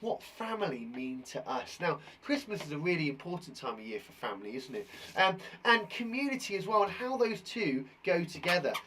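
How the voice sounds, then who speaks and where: A man's voice: a little high, big pitch swings, a little fast, few pauses, pushed and bright, slight background noise. A man who teaches and hosts a live children's quiz show, talking in an enthusiastic, jokey, chatty way.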